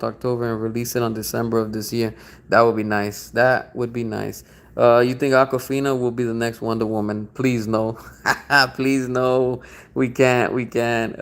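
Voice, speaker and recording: A young man chats on his livestream, reacting to viewer comments. His talk is slangy and excitable, and he swears freely, with a voice of ordinary middle pitch for a man. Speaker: livestream host. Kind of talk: casual livestream chat reading viewer comments.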